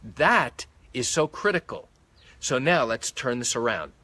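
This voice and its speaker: A man's voice: medium pitch, expressive, measured pace, bright, forceful tone, no echo. A man, a malpractice lawyer, explaining a legal point on a live stream, counting off points one by one, into a phone held close. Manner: methodical, counts points off by number.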